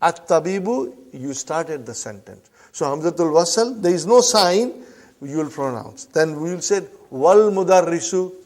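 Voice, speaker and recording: A man teaching a classroom Arabic lesson, slowly drilling phrases and often checking that his students follow. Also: fairly high pitch, big pitch swings.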